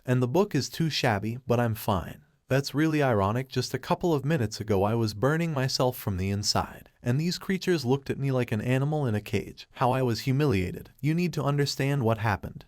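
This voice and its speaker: A man narrating a fantasy comic recap in a steady, even storytelling manner, voicing the quoted lines in his own voice. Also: mid-range voice, no room sound, clean studio sound.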